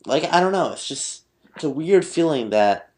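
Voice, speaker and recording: A man's voice: fairly high pitch, animated, darkish tone. Tipsy man hesitating through a podcast chat. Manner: halting, hesitant, many fillers. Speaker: podcast host.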